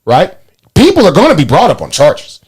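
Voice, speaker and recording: A man's voice: sits high, moderate pace, husky. A man, hosting a podcast and telling profane stories in casual chat. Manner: animated storytelling, profane, laughs often. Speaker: podcast host.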